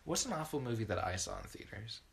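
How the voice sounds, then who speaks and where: A man's voice: mid-range voice, very animated, fast talker, vocal fry. A young man co-hosting a podcast in casual chat, rambling and correcting himself as he goes. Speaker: podcast co-host.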